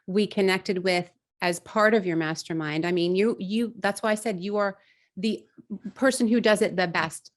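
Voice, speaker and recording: Effusive, grateful woman podcast host. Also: fairly low pitch. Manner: effusive and grateful, gushing praise. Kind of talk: podcast interview conversation.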